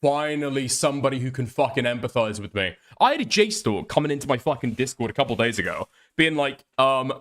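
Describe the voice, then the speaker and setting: Ranting Irish man with a lively pitch. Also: a little fast, hardly any pauses. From Ireland. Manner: profane, ranting, laughing often. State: ill with flu. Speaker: streamer. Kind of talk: live stream commentary, reading chat.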